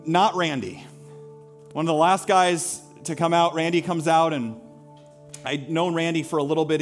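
A pastor with a slightly high voice preaches to his congregation in a sanctuary. He tells his story earnestly and builds to rousing calls to worship. Soft music plays faintly beneath him. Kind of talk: sermon. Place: church sanctuary.

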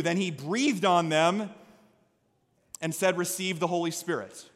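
A man preaching a sermon as pastor, energetic, swinging from quiet storytelling to loud exhortation. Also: high voice, normal speed. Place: church sanctuary. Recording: long reverb of a church hall.

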